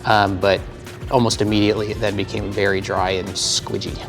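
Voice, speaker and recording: A man's voice: on the low side, little pitch movement, brisk, soft background music. A man co-hosting a climbing video, chatting casually and joking, breathing heavily as he talks. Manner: playful, jokey, breathes heavily. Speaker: climbing channel co-host. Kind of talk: casual chat.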